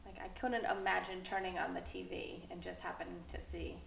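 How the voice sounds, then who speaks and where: A woman's voice: fairly low pitch, flat delivery, a little fast, gravelly, echoey room, a little hiss or hum. A woman co-hosting a casual podcast, chatting and raising skeptical questions. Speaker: podcast co-host. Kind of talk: casual chat.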